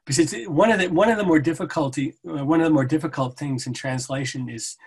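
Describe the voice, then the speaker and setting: A man, a translator, reading poetry aloud and talking about his translation in a measured, halting way. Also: mid-range voice, husky. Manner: measured, halting, self-correcting. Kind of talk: poetry reading and book talk.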